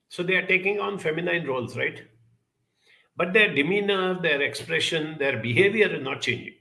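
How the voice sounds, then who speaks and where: A man's voice: a little high, expressive, normal speed, gravelly, pushed and bright. A man speaking as a guest on a program, telling a childhood story in an earnest, reflective way with rhetorical questions.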